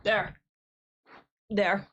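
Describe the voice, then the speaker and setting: A woman's voice: drawn-out words, a bit bright, highs cut off. A woman gaming livestreamer chatting casually at her desk, talking bluntly and swearing freely while she plays.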